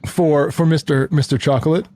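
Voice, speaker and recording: A man's voice: on the high side, fairly even intonation, normal speed, darkish tone. A man co-hosting a podcast, chatting in a playful, hesitant way and often restarting his sentences. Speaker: podcast co-host. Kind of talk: casual chat.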